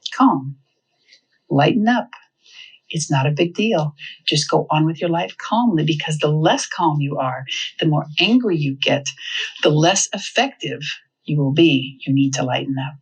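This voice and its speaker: A woman giving a humorous, animated seminar talk on parenting. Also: sits low, a little slow, slightly rough, rough recording. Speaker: parenting speaker.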